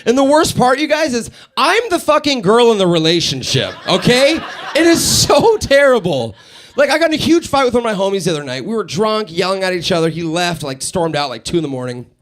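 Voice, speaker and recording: Fast and high-voiced, barely pausing, a young radio host runs through a live stand-up set in a studio before a small crowd. His storytelling is animated, full of acted-out characters and frequent laughter.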